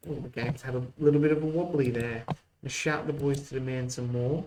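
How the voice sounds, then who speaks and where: A man's voice: medium pitch, fairly even intonation, brisk, noisy background. A man hosting a let's-play video, mixing mock play-by-play calls with muttered asides. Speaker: host. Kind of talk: casual let's-play game commentary.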